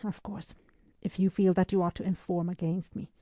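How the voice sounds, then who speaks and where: Woman narrator voicing a stern, curt sea captain; low, mellow, dry read for a storybook. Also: flat delivery, normal speed, dry recording, lightly acted. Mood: grim. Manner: curt and grim. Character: grim, curt naval captain, middle-aged man. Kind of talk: audiobook character reading.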